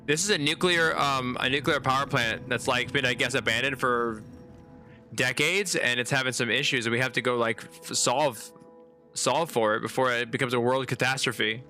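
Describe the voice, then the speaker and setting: A man with a mid-range, pushed and bright voice speaks at a moderate pace with fairly even intonation, faint music behind him. Streaming a game live, he chats casually with his audience and reacts with surprise as he plays.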